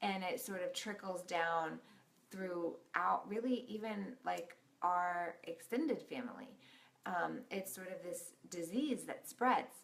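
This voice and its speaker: Brief: chatty woman vlogger, gravelly fry in her voice, casual storytelling. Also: fairly low pitch, slow. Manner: giggly, chatty, with frequent laughs.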